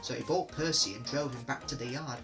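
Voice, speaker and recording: A man reading children's railway stories aloud in steady, clear narration. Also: mid-range voice, brisk, over music, poor audio. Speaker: reader. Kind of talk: storybook reading.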